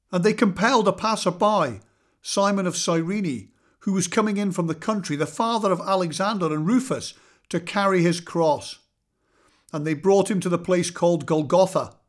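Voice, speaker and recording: A man reading scripture aloud in a measured, solemn way, slowing for weight. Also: sits high. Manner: measured, solemn reading with slow dramatic pauses. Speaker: scripture reader.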